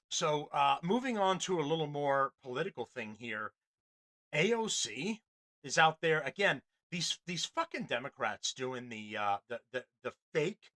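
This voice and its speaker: A man hosting a podcast, ranting angrily with lots of profanity and restarts. His voice sits a little high and sounds bright and forceful. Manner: angry, crude, rambling. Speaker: podcast host. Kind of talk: profane political rant.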